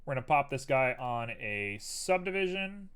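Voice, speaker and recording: Chatty man with a lively voice. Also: mid-range voice, moderate pace, smooth. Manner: thinks aloud, chatty, talks to viewers while working. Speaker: live-stream host modeling in 3D software. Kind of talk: casual live-stream tutorial chat.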